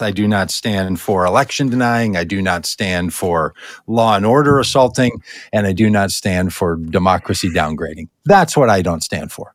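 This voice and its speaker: A man's voice: mid-range voice, no room sound, clean studio sound. A man co-hosting a political talk show, ranting sarcastically to his co-host. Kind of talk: political commentary chat.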